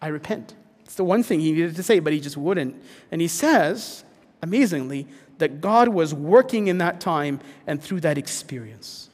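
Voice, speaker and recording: A man preaching a sermon as pastor, earnest, dropping to a hush and then rising to emphatic points. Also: on the high side, lively intonation, moderate pace, in a large hall. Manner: earnest, swings between hushed and emphatic.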